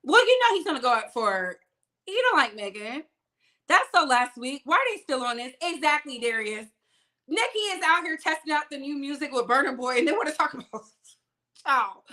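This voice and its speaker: Young female gossip host: sassy and emphatic, high register, drags out key words. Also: very animated, normal speed, pushed and bright. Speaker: celebrity gossip channel host. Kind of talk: casual gossip commentary.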